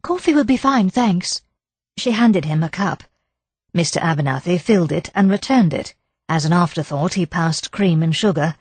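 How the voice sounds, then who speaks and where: Husky-voiced woman narrating an audiobook. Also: low voice, no room sound. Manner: measured, expressive reading of a period mystery. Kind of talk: scripted narration.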